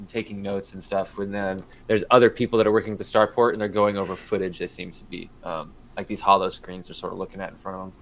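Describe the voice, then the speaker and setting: A man's voice: on the low side, slight background noise, rough recording. A man narrating as game master in a tabletop game, loose and rambling, with many fillers.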